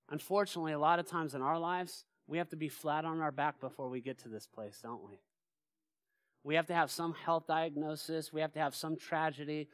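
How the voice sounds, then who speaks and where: A male pastor preaching a sermon in a church, animated and asking his congregation rhetorical questions. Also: on the high side, fairly quick, no room sound, clean studio sound. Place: church sanctuary.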